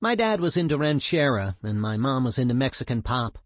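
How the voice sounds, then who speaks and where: A man's voice: mid-range voice, very animated, brisk, dry recording, studio quality, natural voice. A man voicing a woman punk singer, recalling her childhood in a plain, reflective way. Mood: reminiscing.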